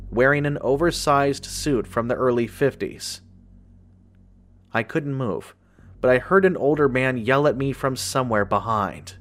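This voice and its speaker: A man telling a first-person horror story in a steady, measured way. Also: medium pitch. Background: faint music.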